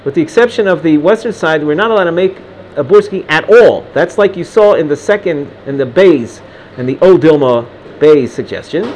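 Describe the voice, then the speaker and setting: A man's voice: fairly high pitch, expressive, normal speed, a little mellow, a little hiss or hum. A man teaching a Gemara lesson, reading Aramaic lines in an Ashkenazi Hebrew pronunciation and translating them, with frequent restarts. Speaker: Talmud teacher.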